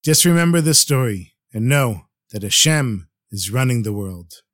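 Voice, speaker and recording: A man's voice: medium pitch, lively intonation, normal speed, a bit bright, no echo, studio quality. A man telling religious stories on a podcast, preaching a little and addressing listeners fondly. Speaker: storyteller. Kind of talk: podcast storytelling.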